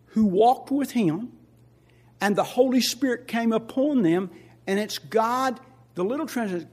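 Husky high-voiced older preacher. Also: male voice, expressive, measured pace. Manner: swings from loud emphatic preaching to quiet asides; repeats key phrases, asks the congregation questions. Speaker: pastor. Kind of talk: sermon.

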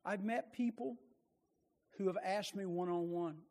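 A man preaching a sermon with passion, rising to loud bursts and dropping to quiet, low asides. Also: a little slow, long reverb tail.

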